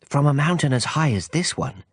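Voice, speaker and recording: A man voicing a small, earnest boy prince in an audiobook, speaking high, soft and wistful. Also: animated, moderate pace, slightly rough, no echo, studio quality. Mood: wondering. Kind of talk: audiobook character voice.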